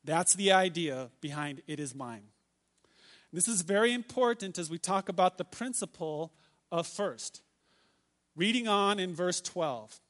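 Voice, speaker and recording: A man with a notably high voice delivers a sermon from the pulpit. He reads scripture aloud and lingers on key phrases, repeating them slowly and with emphasis. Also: animated, a bit bright. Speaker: pastor.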